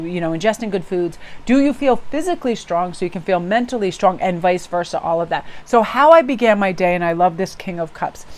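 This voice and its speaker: An effusive woman telling a story in a casual vlog. She reads tarot and gushes as she goes, slipping into the voices of the people she quotes. Her talk is relaxed and chatty, the way she would speak to a friend. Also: medium pitch. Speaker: tarot reader.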